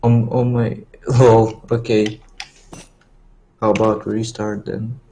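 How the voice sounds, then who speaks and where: A man with a lowish voice casts a strategy game in English, his second language. He rambles and jokes in a loose, slightly mumbled way while keys clack in the background. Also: little pitch movement, slow, dark tone, slight background noise, rough recording. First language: not English. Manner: joking, rambling, mumbled delivery. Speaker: game caster. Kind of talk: casual esports commentary.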